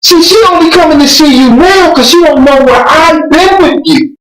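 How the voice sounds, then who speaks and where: A woman's voice: sits high, moderate pace. Impassioned woman preaching in a roomy space. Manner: impassioned, conversational preaching with voice breaking into near-shouts. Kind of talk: sermon. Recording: roomy sound from a distant mic.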